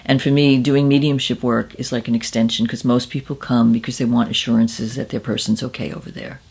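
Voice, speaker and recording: A middle-aged woman speaks in an interview, candid and conversational, now and then poking fun at herself. Her voice carries a gravelly rasp through her mid-range speech. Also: a bass voice, steady tone, fairly quick, darkish tone. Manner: candid, self-deprecating, conversational. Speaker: psychic medium. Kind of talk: interview storytelling.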